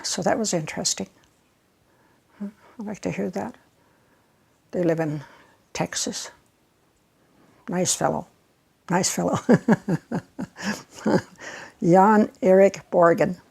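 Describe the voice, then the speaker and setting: A woman's voice: on the low side, unhurried, vocal fry, pauses often, husky. An older American woman chatting and reminiscing in an oral history interview, laughing often.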